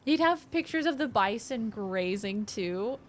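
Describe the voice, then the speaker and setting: Young woman, higher-pitched, chatty game streamer who gushes over small things. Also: a little slow, a little hiss or hum. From Australia. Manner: excitable, gushing, chatty with viewers. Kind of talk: casual live-stream chat.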